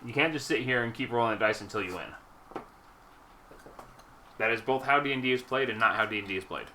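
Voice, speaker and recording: Bright-voiced man running a tabletop game. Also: medium pitch, a little fast, reverberant, distant mic, a little hiss or hum, low-quality recording. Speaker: game master.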